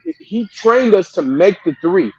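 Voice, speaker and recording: A man in his late thirties talks in a raised, high voice, restarting his sentences and piling on examples. The sound is a little dull and lo-fi, like a modest home setup. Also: unhurried, slightly rough, dry recording. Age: 30s. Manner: rambling and animated, many restarts. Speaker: youth football coach, guest. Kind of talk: casual interview chat.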